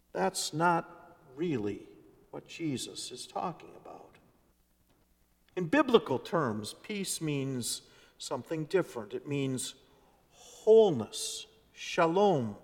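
A male pastor preaching a sermon in a church, moving from loud, emphatic lines to soft, hushed phrases. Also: high-pitched. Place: church sanctuary. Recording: long church reverb.

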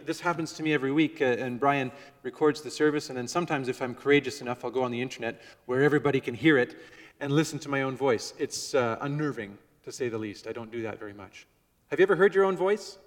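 A middle-aged male pastor preaching a sermon earnestly, dropping to a soft hush on key words. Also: mid-range voice, long reverb tail. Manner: earnest, varies volume, drops to soft near-whisper on key words. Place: church sanctuary.

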